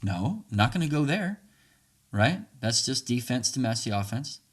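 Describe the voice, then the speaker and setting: A man's voice: medium pitch, big pitch swings, moderate pace. A man hosting a podcast, talking casually and earnestly as he coaches listeners, often checking in with "right?" and chuckling lightly between points. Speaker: podcast host. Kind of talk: conversational podcast monologue.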